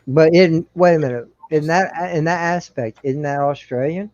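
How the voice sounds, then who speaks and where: A man's voice: a little high, normal speed, darkish tone, no echo, dull audio. A man in his forties telling stories in casual chat, blunt and a bit profane.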